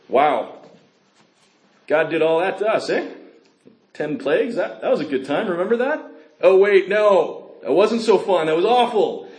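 A man's voice: high-pitched, a little mellow, pitched above the performer's own voice. A preacher voicing Moses as a flustered adult man who pleads and rambles with sarcastic asides. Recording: echoey room.

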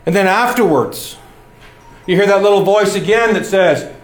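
A middle-aged male preacher delivering a sermon in a fairly high voice. He speaks earnestly and presses his points with rising emphasis. His voice rings in a roomy, echoing space. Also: normal speed. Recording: echoey room.

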